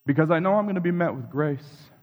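Quick and slightly high-pitched, a pastor's confessional, reflective sermon builds through repetition inside a church with a large hall's long reverb. The audio itself sounds dull.

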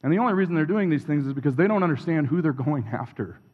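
A man's voice: a little high, lively intonation, quick pace, highs cut off. A man preaching a sermon in a church, reflective and confessional, building his points through repeated phrases. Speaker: pastor. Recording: long reverb of a large hall.

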